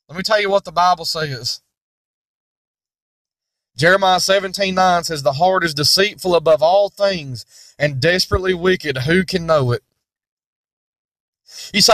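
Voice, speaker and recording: High-voiced man preaching emphatically. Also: unhurried, long pauses, a bit bright, no room sound. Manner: emphatic, repetitive preaching with King James scripture quotes; voices imagined objections in a mocking tone. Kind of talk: sermon.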